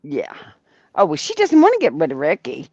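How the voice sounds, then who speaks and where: A woman's voice: low voice, fairly quick, no echo, lo-fi sound. A middle-aged woman hosting a casual chat, telling stories with acted-out quotes and frequent laughter. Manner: animated storyteller, acts out quotes, laughs often. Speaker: leatherworking livestream host.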